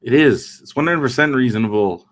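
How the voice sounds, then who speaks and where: A man's voice: mid-range voice, animated, a little fast. Man chiming in during casual chat. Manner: short, agreeing interjections. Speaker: podcast co-host.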